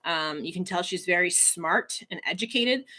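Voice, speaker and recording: A woman's voice: fairly low pitch, expressive, normal speed, pushed and bright. A woman hosting a casual livestream announcement, emotional and laughing as she chokes up reading comments. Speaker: livestream host, coach.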